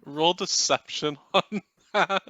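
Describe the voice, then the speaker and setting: A man narrates a tabletop game as game master, relaxed and easily amused. His voice is bright and sits a little high for a man. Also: slow, dry recording, muffled recording.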